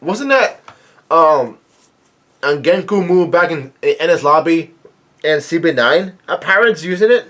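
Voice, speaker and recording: A man recapping a comic chapter in casual talk, halting with many fillers and restarts. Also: fairly high pitch, a bit bright. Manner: reads quoted lines in a plain narrating voice. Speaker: manga reaction vlogger.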